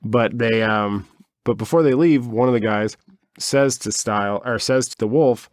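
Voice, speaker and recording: A man's voice: medium pitch, moderate pace, no echo, studio quality. A man co-hosting a podcast, telling a story in a rambling, wry way with lots of fillers and asides. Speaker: podcast co-host. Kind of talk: casual storytelling chat.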